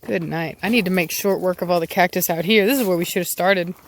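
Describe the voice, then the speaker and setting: A woman's voice: fairly low pitch, fast. Chatty woman vlogging outdoors with dogs. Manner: chatty, calls out sharp commands to her dogs. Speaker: dog breeder. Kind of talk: casual vlog talk outdoors with dogs. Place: outdoors on rural property.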